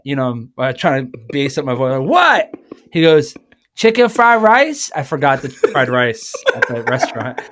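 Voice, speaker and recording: Animated male podcast guest telling a story. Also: mid-range voice. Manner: animated, acts out quoted voices; frequent fillers and self-corrections. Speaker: guest musician. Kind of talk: casual storytelling.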